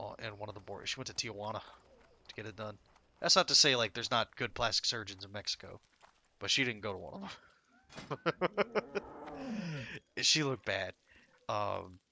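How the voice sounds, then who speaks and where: A man's voice: lowish voice, vocal fry, sharp tone. A man telling a rambling, profane story with frequent laughter while playing a game. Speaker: streamer. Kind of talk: casual storytelling while gaming.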